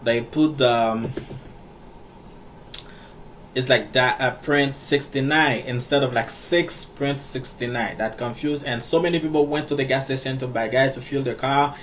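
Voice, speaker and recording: A man teaching English in a casual, halting way, with many fillers and repeated words. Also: medium pitch, fairly bright tone. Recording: distant mic with faint background noise.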